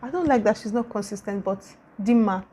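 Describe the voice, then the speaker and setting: A woman's voice: mid-range voice, fairly quick, mellow, slight background noise. A young woman with a Nigerian accent chats casually to her vlog audience. She gushes and circles back, repeating her praise over and over in a mid-range, everyday voice. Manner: gushing, repetitive, effusive. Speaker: YouTuber.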